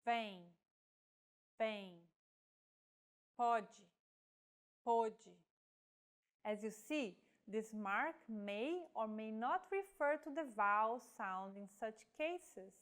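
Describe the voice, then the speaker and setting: A woman's voice: fairly high pitch, expressive, takes it slowly, hardly any pauses, a bit bright. A woman narrating a scripted language lesson, carefully demonstrating example words one at a time. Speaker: language teacher.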